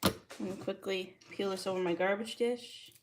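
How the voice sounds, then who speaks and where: A woman's voice: mid-range voice, steady tone, moderate pace, background noise. A woman cooking on a livestream in her home kitchen, chatting casually as she greets viewers and reads the chat aloud. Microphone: streaming mic.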